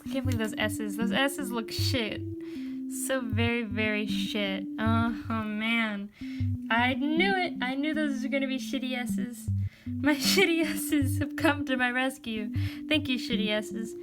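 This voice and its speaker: High-voiced woman rambling while crafting. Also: unhurried. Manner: rambling, heavy use of "like" and "um"; animated, swears casually. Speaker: crafting vlogger. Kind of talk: casual chat while working. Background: background music.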